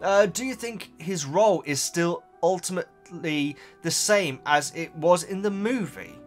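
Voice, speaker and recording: Animated man with a high voice. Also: measured pace, faint music behind. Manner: animated, stumbling over words and restarting. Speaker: video host reading viewer comments. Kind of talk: casual chat to camera.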